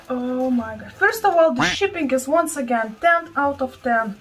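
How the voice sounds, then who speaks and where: A woman's voice: high voice, expressive, normal speed, few pauses. A woman with a Russian accent vlogging about her plants at home, gushing and exclaiming often. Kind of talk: casual vlog. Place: small room at home. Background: soft background music.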